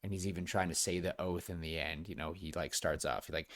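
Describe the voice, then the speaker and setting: A young man co-hosting a podcast talks a little fast in a low, steady voice. He chats casually and eagerly, rambling with lots of restarts and fillers.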